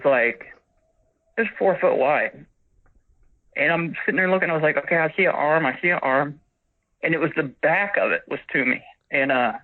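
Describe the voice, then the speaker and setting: Man telling a story over a tinny phone. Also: on the high side. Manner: rambling, acts out quoted dialogue. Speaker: witness caller.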